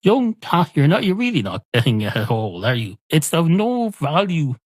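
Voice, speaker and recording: A man's voice: on the high side, big pitch swings, moderate pace, husky, no room sound, voice pushed up. A man with an Irish accent voicing a long-winded pub barman, chatty and pedantic.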